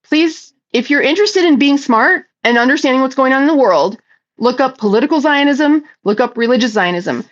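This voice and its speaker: A woman's voice: sits high, animated, a little fast, highs cut off. A woman hosting a casual livestream chat, reading viewer comments aloud and answering them in a blunt, profane, talkative way.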